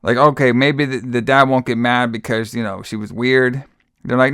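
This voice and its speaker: A man's voice: mid-range voice, fairly even intonation, moderate pace, a bit bright, clear, resonant tone, no echo, studio quality. Exasperated, profane male podcast host. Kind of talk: casual movie recap.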